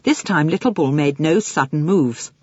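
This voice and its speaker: A woman narrating an audiobook for children in an expressive storytelling manner. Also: low voice, moderate pace, husky, no room sound, dull audio. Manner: expressive storytelling with lively swings.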